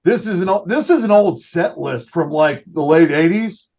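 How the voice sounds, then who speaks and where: A man's voice: a little high, expressive, moderate pace, darkish tone. A man chatting casually and rambling a little, recorded with dull, muffled audio. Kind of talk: casual chat.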